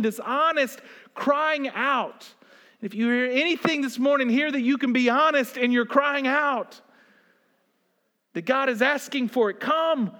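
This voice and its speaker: High-voiced male pastor preaching. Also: a little slow. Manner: dynamic preaching, swinging from loud pleading to hushed near-whispers. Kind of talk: sermon.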